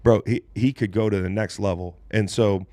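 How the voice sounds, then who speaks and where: A man hosting a casual sports talk show, animated and loose, with plenty of slang and the odd swear. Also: on the low side, moderate pace, dry recording. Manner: animated, swears casually, says "bro" and "dude". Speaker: podcast host, former NFL player.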